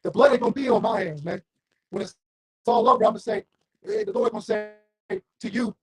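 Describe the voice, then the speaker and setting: Male street preacher, gravelly and husky, lively swooping high delivery, fiery and confrontational. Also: fairly quick. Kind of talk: street sermon with scripture reading.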